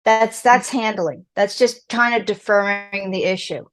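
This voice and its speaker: A middle-aged woman speaks as a podcast guest, offering parenting advice with emphatic, animated delivery. She acts out the lines she quotes. Her voice sits at a medium pitch. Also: measured pace. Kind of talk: casual advice interview.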